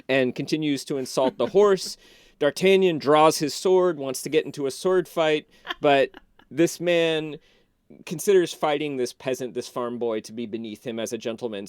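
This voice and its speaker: A man as a podcast guest, casually retelling a film in an animated, loose way with many restarts. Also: mid-range voice, smooth, no room sound, clean studio sound.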